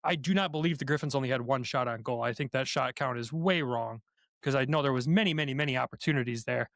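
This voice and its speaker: A man's voice: mid-range voice, quick pace, a bit bright, dry recording, studio quality. A man co-hosting a hockey podcast, recapping games with energy, step by step. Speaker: podcast co-host. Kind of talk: game recap commentary.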